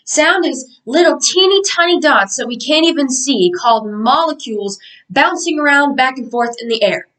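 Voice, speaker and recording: A young woman leads a pretend class of children, her voice light and fairly high. She talks in an upbeat, sing-song teacher manner, drawing out instructions slowly. The mic sits a bit away from her. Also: expressive, a bit bright, distant mic, poor audio. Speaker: college student teaching a mock class. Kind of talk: mock classroom lesson for children.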